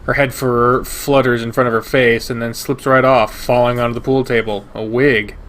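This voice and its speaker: A man reading a visual novel aloud in first person, steady and measured. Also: mid-range voice. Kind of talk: first-person narration of a game.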